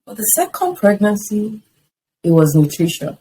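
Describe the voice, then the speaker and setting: A woman in her fifties speaks as an interview guest, sharing a personal testimony. Her voice sits a little low and has a husky, breathy grain. She tells the story with animation and acts out what people said to her. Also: normal speed, mellow, rough recording. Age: 50s.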